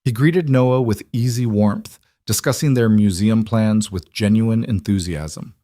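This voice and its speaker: A man narrating a romance story in a measured, even storytelling manner. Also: lowish voice, no room sound, studio quality.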